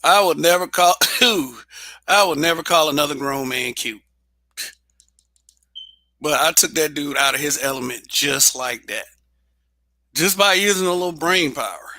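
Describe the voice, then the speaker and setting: Blunt, profane man with a bright voice. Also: a little high, a little slow, long pauses, dry recording. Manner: blunt, profane, laughs often. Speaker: show host. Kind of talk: casual livestream monologue.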